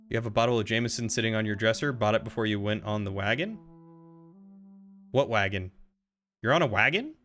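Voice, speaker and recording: A man's voice: on the low side, brisk, fairly bright tone, faint music behind. A young man streaming a game live, joking casually with his chat.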